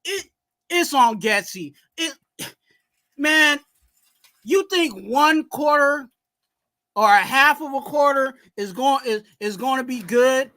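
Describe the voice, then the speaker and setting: A man co-hosting a live sports fan stream, talking in a heated rant and yelling at times. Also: very high-pitched, animated, takes it slowly, pauses often. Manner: heated, ranting, yells at times. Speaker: co-host of a sports fan livestream.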